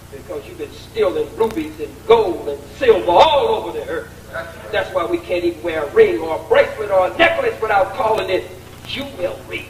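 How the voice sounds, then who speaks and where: A man's voice: very high voice, fairly bright tone, a little hiss or hum. A man giving a combative, taunting public speech with a preacher-like cadence at a college event. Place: large college lecture hall. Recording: echoey hall recording from far off.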